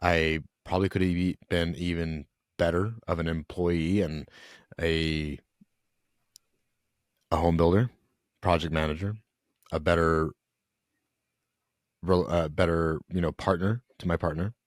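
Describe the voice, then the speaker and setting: A young man speaks low and deep, his voice recorded dry with no room sound. He tells an emotional personal story as a podcast guest. His delivery is earnest and halting. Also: flat delivery, no echo. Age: young adult.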